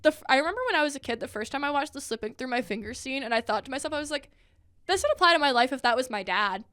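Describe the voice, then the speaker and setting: Lively, laughing young woman podcast co-host. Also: high voice, racing, clean tone, dry recording, studio quality. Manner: animated, laughing storyteller who acts out quotes. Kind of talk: casual chat.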